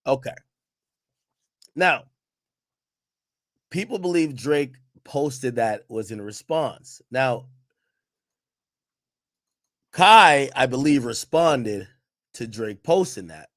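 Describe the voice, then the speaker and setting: A man's voice: medium pitch, expressive, slow pace, long pauses, fairly bright tone, no echo, clean studio sound. A man hosting a live reaction stream, muttering while he searches, then explaining. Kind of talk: casual live reaction commentary.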